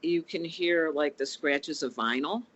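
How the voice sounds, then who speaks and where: Band guest, male, bright edge, chatty supporting role. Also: fairly high pitch, lo-fi sound. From Chicago area, USA. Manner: adds details, quick chuckles. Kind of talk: casual chat.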